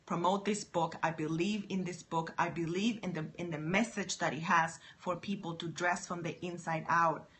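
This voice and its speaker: A woman talking to camera in a faith-based pep talk. She moves between hushed, soft lines and loud, excited encouragement. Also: fairly low pitch. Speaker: motivational vlogger.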